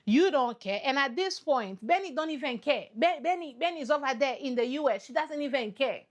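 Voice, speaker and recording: A woman giving casual, animated reaction commentary on a reality show, playful and repeating points for effect. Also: high-pitched, a little fast. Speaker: reaction vlogger.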